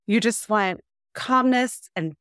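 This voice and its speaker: Candid young mom, dry close sound. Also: female voice, medium pitch, slow pace, fairly bright tone, clean tone, dry recording. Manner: candid, rambling, acts out her kids' lines. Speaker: caller, mother of two young kids. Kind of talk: casual coaching conversation.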